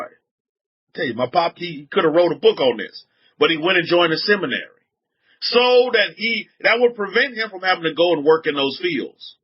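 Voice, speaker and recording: Husky high-voiced Southern US man. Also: dull audio. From Southern United States. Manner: repetitive, restarts a lot, fires rhetorical questions at listeners. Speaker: religious teacher addressing a group. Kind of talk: informal religious talk.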